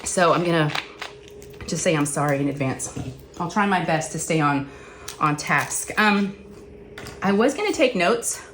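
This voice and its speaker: A woman's voice: sits low, expressive, unhurried, pauses often, fairly bright tone, slight background noise. A woman chatting casually as host of a crafting vlog, rambling and self-deprecating.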